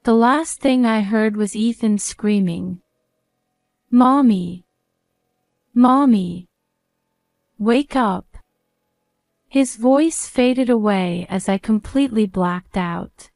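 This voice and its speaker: Slow, calm woman narrator. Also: medium pitch, no echo, studio quality. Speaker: storyteller. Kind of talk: first-person story narration.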